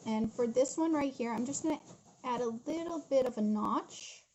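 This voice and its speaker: A young woman with a slightly high voice leads a drawing tutorial from her home studio. She talks viewers through each step in a chatty, giggly way. A faint hiss of background noise sits under her voice. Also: normal speed, darkish tone, poor audio. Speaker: art instructor.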